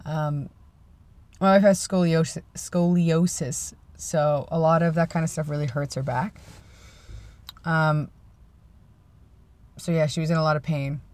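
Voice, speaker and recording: A man's voice: fairly high pitch, fairly even intonation, a little slow, pauses often, darkish tone, dry recording. Rambling young man chatting to camera. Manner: rambling and self-deprecating, many fillers. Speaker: vlogger. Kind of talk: casual vlog chat.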